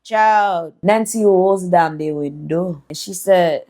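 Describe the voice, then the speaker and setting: A woman's voice: on the low side, slow pace, hardly any pauses, dark tone. A woman telling a story in a casual, slangy, chatty way, swearing freely. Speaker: storyteller host.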